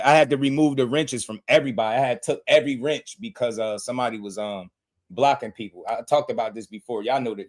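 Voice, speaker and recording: Heated guy on a boxing stream, mid pitch, going off at the chat, slangy and blunt. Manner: fired-up, blunt, slangy, talks straight to chat. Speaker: boxing livestream host.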